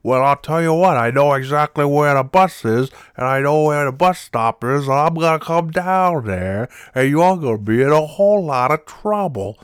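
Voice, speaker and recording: A man's voice: fairly high pitch, animated, moderate pace, few pauses, clean tone, no echo, studio quality, voice pushed up, lightly acted. A man putting on the voice of an angry, blustering older male customer on a prank call. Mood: threatening. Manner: loud, indignant, blustering.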